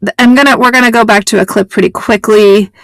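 A woman's voice: on the high side, steady tone, quick pace, no echo. A woman hosting a podcast, chatting casually in a rambling, self-deprecating way. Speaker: podcast host. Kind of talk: casual chat.

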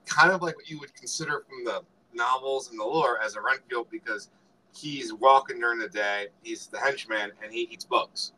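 Guy cohosting a movie podcast, super bright voice, rambly, lots of likes. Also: medium pitch, normal speed, low-quality recording. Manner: rambling, filler-heavy retelling of scenes. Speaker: podcast co-host. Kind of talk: casual movie review chat.

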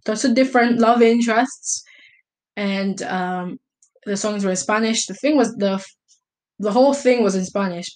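A woman's voice: mid-range voice, darkish tone. Young woman from Italy, casual vlog Q&A, rambling, hesitant, self-correcting. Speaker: vlogger. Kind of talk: casual question-and-answer vlog.

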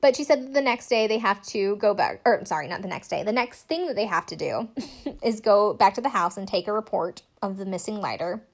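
A woman's voice: medium pitch, lively intonation, brisk. Young woman host, loose recap chat, sarcastic asides, lots of filler "like". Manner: chatty, sarcastic, lots of "like" and laughs. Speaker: podcast host recapping a TV show.

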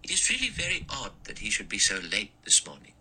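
A man plays a stern elderly spinster in an audiobook, clipped and dry in her delivery. The voice is low, bright and husky, with a self-righteous edge. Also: huge pitch swings, a little fast, exaggerated voice, rough recording. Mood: prim. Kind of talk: audiobook character voice.

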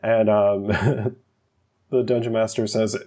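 Laid-back male podcast co-host, slow and husky. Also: lowish voice, fairly even intonation, a little mellow. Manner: laid-back, laughs often. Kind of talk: casual chat.

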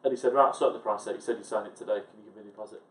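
A man chats quickly and emphatically as a podcast co-host, piling one anecdote onto the next. His voice sits at a middling pitch. The recording has a roomy echo around it. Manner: animated storyteller, quick and emphatic. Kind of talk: casual chat. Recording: echoey room.

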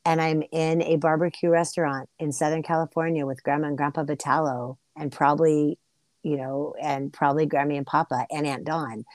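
A woman's voice: low voice, a little fast, no echo. Chatty middle-aged woman, dry sound. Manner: chatty, rambling, animated storyteller. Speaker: podcast co-host. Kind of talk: casual chat.

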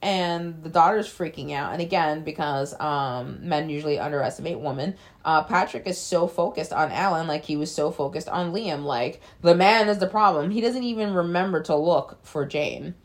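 Brief: a chatty woman with a lowish voice, casually recapping a film, blunt and full of fillers. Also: normal speed, hardly any pauses. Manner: chatty, loose, lots of "like" fillers, blunt swearing. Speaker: film reviewer.

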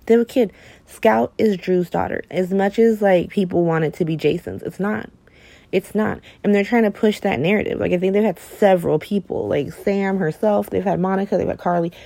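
Sassy podcast lady recapping her soap, gravelly mellow voice, dry close sound. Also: medium pitch, moderate pace, no echo. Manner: sassy, emphatic, repeats key lines. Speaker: podcast host. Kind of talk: casual soap opera recap.

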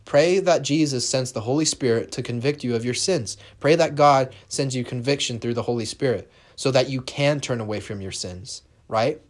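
A man's voice: medium pitch, moderate pace, few pauses. Fervent man preaching on a podcast. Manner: fervent, emphatic, repeats "right?" and swears. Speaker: podcast host. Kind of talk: casual preachy monologue.

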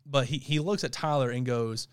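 A man co-hosting a podcast, telling a story in casual chat, animated, laughing often and stumbling over repeated words. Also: medium pitch, moderate pace, clean tone. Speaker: podcast co-host.

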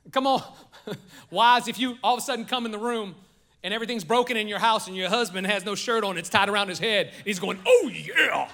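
Animated, bright-voiced pastor preaching. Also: male voice, high voice. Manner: animated storytelling, joking with the congregation. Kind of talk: sermon. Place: church sanctuary.

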